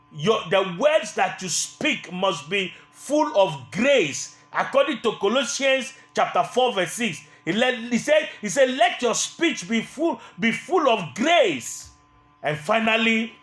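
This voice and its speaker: Slow, lively-pitched male preacher. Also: echoey room. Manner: emphatic, repetitive preaching with mock voices. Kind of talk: sermon.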